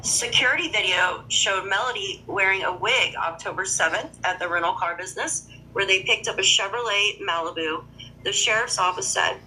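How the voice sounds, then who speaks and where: A woman hosts a casual true-crime livestream with a bright, tense edge to her voice. She greets viewers one by one and reads news passages aloud, stopping to add her own remarks. A faint hiss sits under her talk. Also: mid-range voice, moderate pace, rough recording. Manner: chatty, greets viewers by name, comments between read passages.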